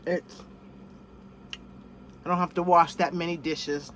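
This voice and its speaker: Woman, vlogger, slow, chatty, noisy outdoor ambience. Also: lowish voice, fairly even intonation. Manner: chatty, talks to her pets. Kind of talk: casual cooking vlog. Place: living off grid, in or by a vehicle.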